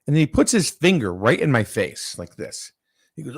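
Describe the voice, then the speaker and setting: A man casually chatting and telling a story with lively energy, acting out the people in it. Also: medium pitch, moderate pace, creaky, husky, no room sound, studio quality. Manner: animated storyteller, acts out quoted people loudly.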